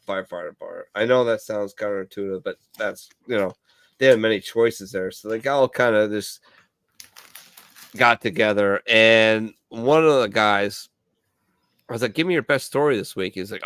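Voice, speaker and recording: A man's voice: fairly low pitch, normal speed, gravelly, clean tone, no room sound. Brief: veteran man, show regular, swears freely, rambles through bar stories, dry close mic. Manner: profane, rambling, laughs loudly. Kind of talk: casual bar banter, storytelling.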